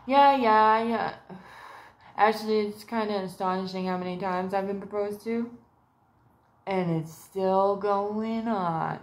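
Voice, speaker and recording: A woman's voice: mid-range voice, slow. Rambling, profane woman vlogging. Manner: profane, wandering, puts on voices in quotes. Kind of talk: rambling monologue to camera. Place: sitting at home.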